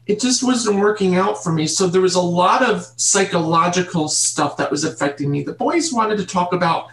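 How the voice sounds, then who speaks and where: A woman guest in an interview, telling her childhood story in an earnest, halting way and repeating words. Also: fairly low pitch. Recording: roomy echo.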